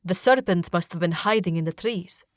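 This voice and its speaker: A woman's voice: fairly low pitch, normal speed, no room sound, studio quality, lightly acted. A woman reading an audiobook, voicing a proud, defensive sultan who talks coolly and with indignation. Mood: indignant. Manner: cool, indignant.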